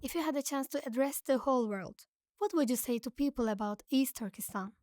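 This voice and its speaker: A woman asking an interview guest polite, measured questions. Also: sits high, darkish tone.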